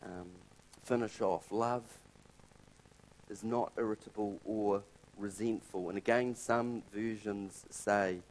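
Low-voiced preacher telling a story. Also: male voice, steady tone, a little slow, slight background noise, low-quality recording. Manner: conversational preaching, swinging from loud storytelling to quiet emphasis. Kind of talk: sermon.

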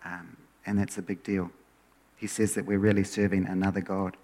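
A man preaching a conversational sermon as a pastor, relaxed, often letting his phrases trail off quieter at the end. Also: low-pitched, normal speed.

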